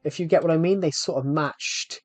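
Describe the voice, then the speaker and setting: Male streamer, casual rambling chat to viewers, mid pitch, dry close mic, faint music under. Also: a little fast, a little mellow, no room sound. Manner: rambling, addresses viewers directly. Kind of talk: casual live-stream chat while gaming.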